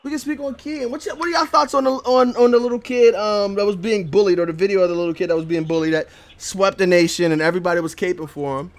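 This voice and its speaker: A man's voice: high voice, steady tone, fast, few pauses. A man hosting a casual gaming podcast, laid-back, often repeating himself and laughing. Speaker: podcast host. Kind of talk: casual chat.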